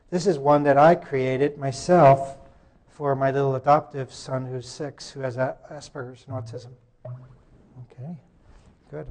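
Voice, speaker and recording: Halting male conference presenter. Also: mid-range voice, a little mellow. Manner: halting, breaks off mid-sentence to fix tech. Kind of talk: live presentation.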